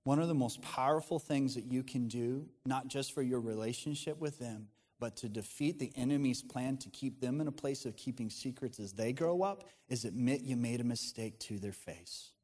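A pastor preaches in an earnest, conversational way, often stopping and starting his sentences as he thinks aloud. His voice sits at an ordinary middle pitch for a man. The sound carries the long reverb of a church hall. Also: moderate pace, hardly any pauses, a little mellow. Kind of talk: sermon.

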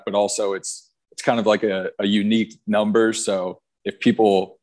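A man's voice: lowish voice, moderate pace. A young man in his twenties, a pro soccer player, telling his story in a casual interview with lots of fillers. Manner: relaxed storytelling with fillers and repeats.

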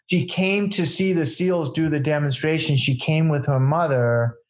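Guy telling a story in an interview, kinda higher voice, lots of uhs and restarts, earnest. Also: unhurried. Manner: earnest, rambling, many fillers and restarts. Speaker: event founder telling stories to a host.

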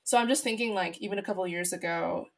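A woman interviewer with a somewhat low voice builds long, thoughtful questions. She winds through her points before arriving at what she wants to ask. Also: fast, gravelly. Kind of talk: interview conversation.

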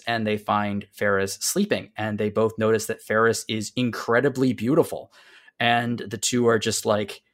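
A chatty man recapping a game. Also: on the low side. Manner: halting, many fillers and restarts, drops to quiet asides. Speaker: podcast host. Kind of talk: casual game discussion, recapping a story.

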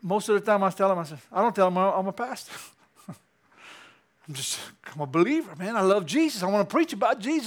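High-voiced excitable male preacher. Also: brisk. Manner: animated, rising to excited peaks with chuckles. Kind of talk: sermon. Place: church.

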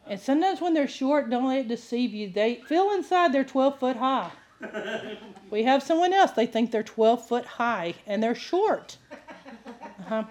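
A woman preacher giving a sermon full of animated stories, often laughing and acting out the voices of people she quotes. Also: on the high side, unhurried. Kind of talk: sermon with storytelling.

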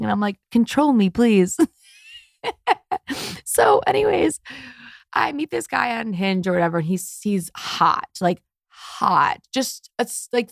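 A woman's voice: medium pitch, vocal fry, dry recording, clean studio sound. A woman hosting a podcast, telling dating stories in a candid, chatty way and acting out both sides of conversations. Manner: chatty, candid, animated with quoted voices. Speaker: podcast host. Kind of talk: casual storytelling monologue.

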